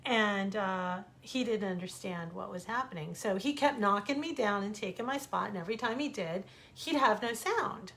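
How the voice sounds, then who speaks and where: A woman's voice: medium pitch, animated, moderate pace, few pauses, a bit bright. A middle-aged American woman telling stories from home in a casual, chatty way, acting out the voices of the people she quotes. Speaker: author reading stories online. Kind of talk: casual storytelling.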